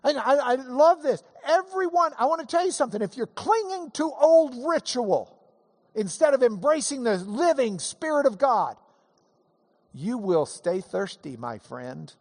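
A man preaching a sermon in a lively, conversational way, breaking off for quick asides as he teaches. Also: extremely high pitch. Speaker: pastor. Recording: long hall reverb.

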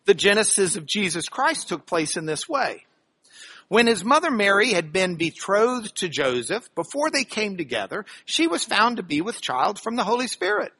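A man teaching scripture with a high, bright voice. He hits key words with sudden loud emphasis, then drops into chatty asides that check whether listeners are following. His pitch swings widely as he talks. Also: sing-song, moderate pace, breathy edge, dry recording. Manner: dramatic, bursts of loud emphasis. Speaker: Bible teacher. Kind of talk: Bible teaching broadcast on radio.

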